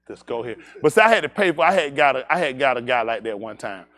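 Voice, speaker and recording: A man's voice: medium pitch, sing-song, quick pace, a bit bright. A man telling an anecdote to a congregation and drawing a moral from it. He keeps repeating "I said", laughs through the telling, and turns to blunt warnings for young listeners. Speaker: speaker at a livestreamed congregation.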